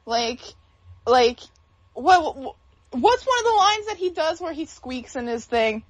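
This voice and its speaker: A young woman co-hosting a podcast in casual chat, excitable and halting as she explains things. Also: sits high. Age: young adult. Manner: excitable, halting, lots of fillers. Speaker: podcast co-host.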